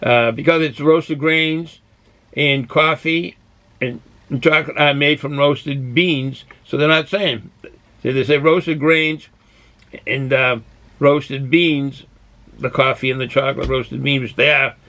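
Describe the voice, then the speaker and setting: A man's voice: mid-range voice, fairly even intonation, takes it slowly, sharp tone. A man from Boston hosting a casual beer review vlog, who rambles and goes off on tangents while drinking and snacking. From Boston, USA. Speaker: beer review channel host.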